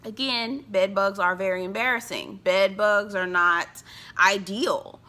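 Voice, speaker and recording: A woman's voice: mid-range voice, fairly even intonation, unhurried, sharp tone. A woman recapping a reality TV episode, sassy and gossipy, with frequent laughs. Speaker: TV reviewer. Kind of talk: casual reality-show recap.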